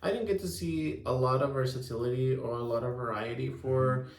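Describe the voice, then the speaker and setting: A man co-hosting a vlog, reviewing his experience in a relaxed way, with frequent restarts and ums. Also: medium pitch, fairly quick, echoey room. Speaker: vlogger co-host. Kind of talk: casual chat review.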